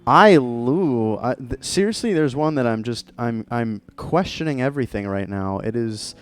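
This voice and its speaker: Animated playful man streaming. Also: mid-range voice, moderate pace, clear, resonant tone. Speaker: streamer host. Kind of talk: casual livestream chat.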